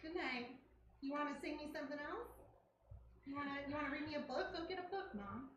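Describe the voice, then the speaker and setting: A woman's voice: high-pitched, lively intonation, a little fast, far from the mic, lo-fi sound. A woman voicing a demanding girl who pesters her mother, whiny and insistent, in a live improv scene. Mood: bossy. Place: comedy theater stage. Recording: echoey theater sound, noisy.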